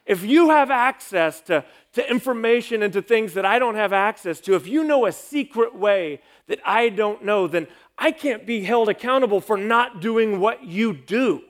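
A man's voice: high-pitched, expressive, normal speed, hardly any pauses. A man, a pastor, giving an emphatic sermon with a sarcastic edge.

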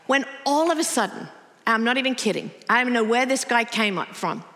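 Animated woman preaching in a big hall. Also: a little high, brisk. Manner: conversational, animated storytelling. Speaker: pastor. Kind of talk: sermon with personal story. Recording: long reverb of a large hall.

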